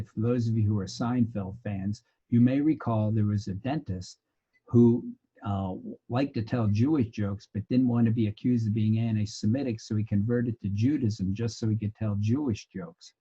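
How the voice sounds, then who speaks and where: A man's voice: medium pitch, husky, lo-fi sound. A man teaching a sociology lecture, telling anecdotes. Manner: animated storyteller, bursts into loud laughter. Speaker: sociology instructor.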